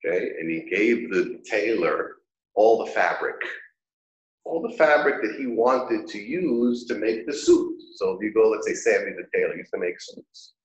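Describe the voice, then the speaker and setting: A man teaching a Torah class, an animated storyteller who acts out the characters of his parables. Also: fairly low pitch, normal speed, lo-fi sound. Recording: echoey room.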